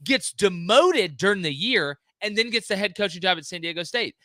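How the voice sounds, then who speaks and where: Bright, animated man talking sports. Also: high-pitched, normal speed, no room sound, clean studio sound. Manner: animated, mocking quoted voices, laughing asides. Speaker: podcast co-host. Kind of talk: casual sports chat.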